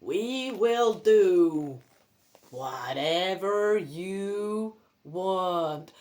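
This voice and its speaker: Woman doing a slow droning Scottish grandpa. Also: on the low side, expressive, a little mellow.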